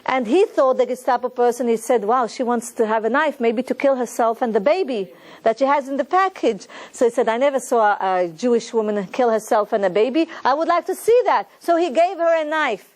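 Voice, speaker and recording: Earnest high-voiced woman teaching. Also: animated, fairly quick, a little mellow. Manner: earnest, preaching, retells stories with quoted voices. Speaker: Torah teacher. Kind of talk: lesson to a women's group.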